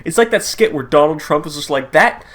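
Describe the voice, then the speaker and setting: A man riffing in a crude, casual comedic rant, laughing often and jumping into loud mocking impressions. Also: a little high, expressive, fast. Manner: profane, laughing, swings into loud mock quotes. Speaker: comedy commentary host.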